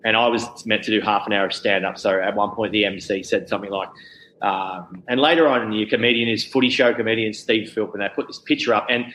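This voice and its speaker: A man with an Australian accent, a stand-up comedian telling lively anecdotes on a podcast and acting out the people in them. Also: on the low side, fast, a little hiss or hum, low-quality recording. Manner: animated storyteller acting out quotes with laughter. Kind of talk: storytelling anecdotes.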